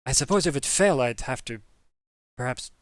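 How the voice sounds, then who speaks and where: A man voicing an excitable, flippant gnome tinkerer in a tabletop game, eager and theatrical. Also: mid-range voice, normal speed, no room sound, clean studio sound, close to an everyday voice. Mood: curious.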